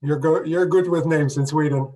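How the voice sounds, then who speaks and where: A male interviewer asking questions in a measured way, pausing to search for words. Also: on the high side, fairly even intonation, dark tone. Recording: voice distant from the mic.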